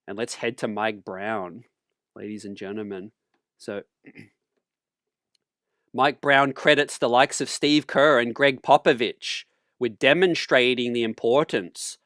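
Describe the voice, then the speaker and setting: A man hosting a sports talk channel, relaxed and casual, calling viewers fam and ladies and gentlemen and clearing his throat often. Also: mid-range voice, no echo, clean studio sound.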